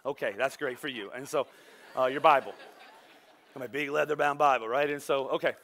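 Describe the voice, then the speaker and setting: A man's voice: mid-range voice, steady tone, a little fast, vocal fry, a bit bright, some chatter behind, slight background noise. A man preaching a sermon as pastor, in a casual, joking way that acts out the voices of his listeners. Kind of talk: conversational sermon.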